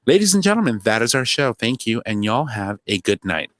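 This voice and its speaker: A male podcast host runs through the show's closing plugs in a promotional tone. His pitch rises and falls freely as he talks. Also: big pitch swings, brisk, a bit bright, no room sound. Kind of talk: podcast outro announcements.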